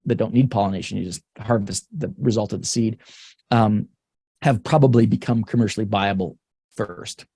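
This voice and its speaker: A man's voice: on the low side, normal speed, mellow, slightly rough, no room sound, studio quality. A Canadian man, a researcher guest in a webinar conversation, talking frankly and thinking aloud with many restarts and the odd laugh. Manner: laughs between points.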